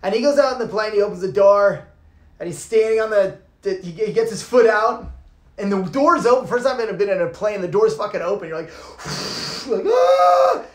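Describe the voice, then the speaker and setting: A man, a yoga teacher, giving an informal talk and telling a lively story, swearing casually and acting out the people in it. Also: high-pitched, brisk. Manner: animated, swears casually, acts out voices. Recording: roomy echo.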